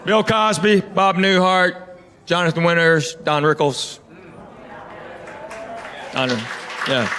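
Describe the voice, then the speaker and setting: On a comedy stage with a live audience, a middle-aged comic from Knoxville, Tennessee delivers a stand-up set in a voice that sits high and sounds sharp. He spins stories, puts on quoted voices, and tosses playful asides to the crowd.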